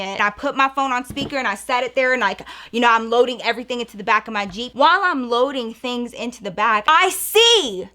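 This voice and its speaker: Chatty, bright-voiced woman telling a story. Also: high-pitched, a little fast, hardly any pauses. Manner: chatty, animated, addresses viewers as girl and y'all. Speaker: storytelling vlogger. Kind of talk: casual storytime vlog.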